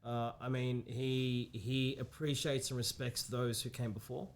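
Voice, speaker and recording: A man's voice: mid-range voice, fairly even intonation. A man co-hosting a podcast, talking casually with frequent restarts. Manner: halting, many restarts and fillers. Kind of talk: casual chat.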